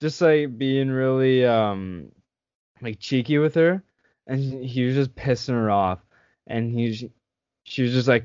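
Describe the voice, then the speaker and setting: A man's voice: mid-range voice, a little slow, a little mellow, clear, resonant tone, no echo. A young man hosting a podcast, telling a school story in casual chat and laughing often. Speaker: podcast host. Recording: slightly dull dry sound.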